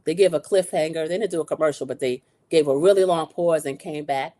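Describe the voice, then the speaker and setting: A woman's voice: sits low, fairly quick, dark tone. A woman hosting a casual recap, retelling scenes with quoted dialogue and blunt opinions. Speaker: show recap host.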